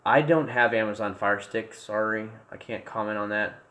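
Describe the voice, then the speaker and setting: A young man casually chatting to his livestream viewers from a room at home, rambling, restarting sentences and breaking into excited bursts. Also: lowish voice, normal speed. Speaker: livestream host. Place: home room with desk and gear.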